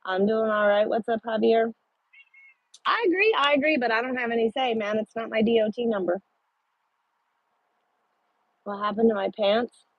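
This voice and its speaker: A woman truck driver chatting casually with her livestream viewers, blunt and quick to swear. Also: a little high, dry recording, dull audio.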